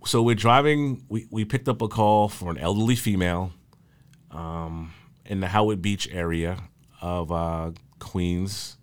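A man with a smooth, clear voice on the low side tells old work stories from emergency medical services. He talks casually and loosely, often pausing on fillers and starting sentences over. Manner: halting, with many fillers and restarts. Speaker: EMS worker recalling his career. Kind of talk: casual spoken storytelling.

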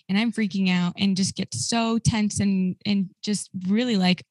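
A woman's voice: mid-range voice, steady tone, unhurried, a little mellow, no room sound, rough recording. A woman speaking earnestly as a guest in a casual podcast interview, sharing her experience. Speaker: guest, recovery ministry co-founder.

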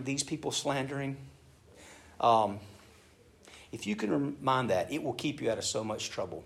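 A man preaching a sermon in a conversational, emphatic way, asking his listeners questions and swinging between hushed and loud. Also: medium pitch. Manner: conversational, emphatic, asks the audience rhetorical questions.

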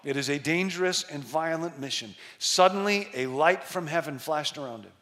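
A middle-aged male pastor preaching a sermon, telling a story with emphasis and slowing down to stress key words. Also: fairly high pitch, a bit bright.

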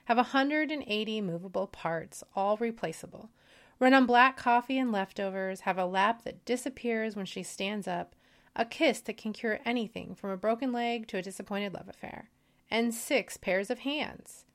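A woman's voice: fairly high pitch, moderate pace, lightly acted. A woman voicing God as a patient, weary male creator while reading a story aloud. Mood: fond.

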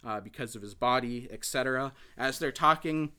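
A man's voice: mid-range voice, moderate pace, pushed and bright, clean tone. A man casually recapping a film plot for a podcast, rambling with many fillers and restarts.

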